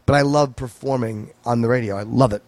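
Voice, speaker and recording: Man, podcast guest, dry and measured, swears casually, dead dry room sound. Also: medium pitch, fairly even intonation, darkish tone, no echo. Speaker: podcast guest, stand-up comedian.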